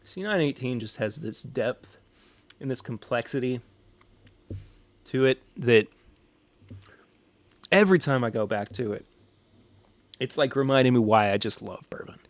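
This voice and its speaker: A man's voice: medium pitch, unhurried, long pauses, no room sound. A man with a Southern American accent hosting a podcast, chatting casually and joking while reacting to a live chat. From Southern United States. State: a little stressed. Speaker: podcast host.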